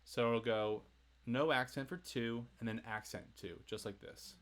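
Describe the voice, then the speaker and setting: A man's voice: medium pitch, normal speed. A man giving a casual, chatty livestream guitar lesson, talking to viewers and laughing between explanations. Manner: relaxed, chatty, answers chat and laughs often. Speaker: guitarist teaching a song. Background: faint acoustic guitar playing.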